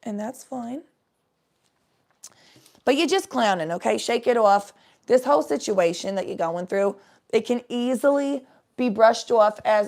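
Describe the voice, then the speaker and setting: Woman, casual live-stream tarot reading, chatty, rambling, swearing, vocal fry. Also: on the high side, animated, a little slow, pauses often, darkish tone.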